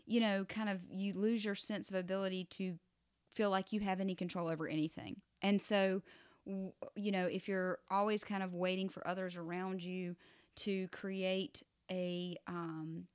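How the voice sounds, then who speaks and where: A woman's voice: mid-range voice, level tone, normal speed, clean tone, no echo, studio quality. Thoughtful woman on a podcast. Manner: reflective, talks through ideas with fillers. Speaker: podcast co-host. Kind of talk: casual chat.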